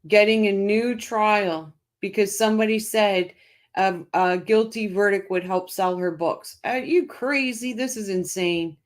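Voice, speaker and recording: A woman's voice: medium pitch, measured pace. A chatty middle-aged woman hosts a casual livestream. She reads out viewer comments and talks them over, often stopping and restarting her sentences. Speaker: livestream host.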